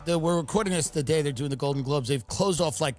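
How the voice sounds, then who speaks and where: A man co-hosting a podcast in casual chat, riffing and dropping in quick words of agreement. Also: on the high side, darkish tone, soft background music. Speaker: podcast co-host.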